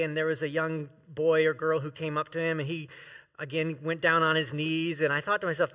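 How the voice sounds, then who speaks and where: A man's voice: fairly high pitch, sharp tone. A man preaching as a guest, heartfelt and emotional, with many fillers and restarts, reading scripture aloud to the congregation. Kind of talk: sermon. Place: church sanctuary.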